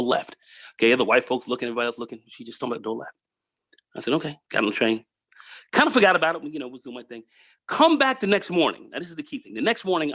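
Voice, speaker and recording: Animated man telling a story. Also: medium pitch, dry recording. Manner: animated, repeats words, acts out dialogue. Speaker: podcast host. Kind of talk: casual storytelling.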